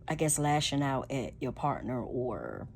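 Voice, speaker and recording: Low-voiced woman giving emphatic advice. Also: sing-song, unhurried, gravelly, slight background noise. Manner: loud, emphatic, preachy. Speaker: relationship advice vlogger. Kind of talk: casual advice monologue.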